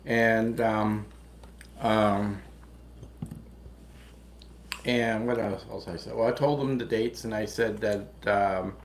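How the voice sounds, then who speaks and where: Gravelly, low-voiced man in an echoey room. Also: fairly even intonation. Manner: halting, full of ums and restarts. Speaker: co-host. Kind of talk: casual chat. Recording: echoey room with faint background noise.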